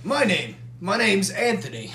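A man's voice: sits high, very animated, a little slow, bright, forceful tone, slight background noise, voice pushed up, full character voice. A man voicing a chatty male dwarf barkeep who rambles with fillers and restarts in an echoey room. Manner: rambling, hesitant, lots of fillers.

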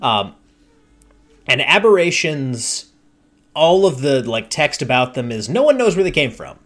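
Slow-talking man telling game stories. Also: on the high side, big pitch swings, a bit bright. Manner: slow, deliberate storytelling. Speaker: podcast host and game master. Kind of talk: casual chat.

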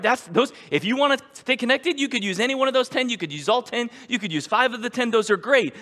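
A man's voice: a little high, fairly bright tone. A male pastor preaching a sermon in a conversational storytelling manner, with emphatic repetition. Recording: echoey church hall.

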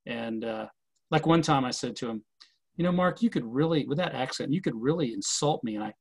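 A man's voice: medium pitch, expressive, fairly quick, gravelly, darkish tone, slightly rough, no room sound, low-quality recording. A man in casual conversation about running a historic distillery, rambling with many fillers and restarts.

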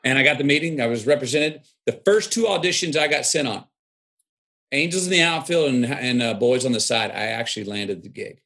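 A man's voice: mid-range voice, expressive, brisk, a bit bright. A man telling stories in an interview, reflective and drawling, acting out the people he quotes. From Texas. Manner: drawling, reflective storyteller who acts out quoted voices. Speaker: guest. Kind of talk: storytelling interview.

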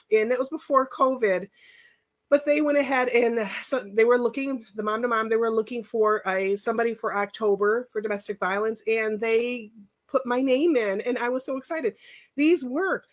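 Woman, middle-aged, somewhat high-pitched, life coach, casual workshop talk, rambling personal storytelling.

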